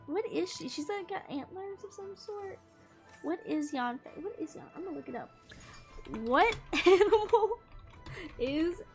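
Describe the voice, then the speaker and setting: Bubbly high-voiced woman gamer. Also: a bit bright. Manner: bubbly, giggly and chatty, talking to viewers. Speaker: gaming streamer. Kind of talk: casual gameplay commentary.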